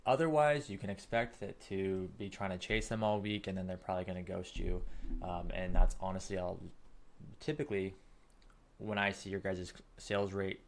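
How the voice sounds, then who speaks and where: A man teaching sales techniques in an emphatic coaching style, often checking in with a quick "okay?". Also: low voice, fairly even intonation, a little hiss or hum. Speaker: sales trainer. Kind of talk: coaching lesson.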